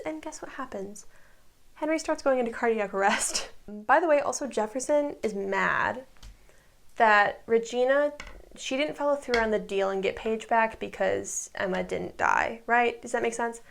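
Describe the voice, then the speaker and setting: A woman talks through a show recap in a casual, breezy way, tossing in quick asides as she paraphrases scenes. Her voice sits a bit high, with a gravelly, creaky edge running through it. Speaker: recap vlogger.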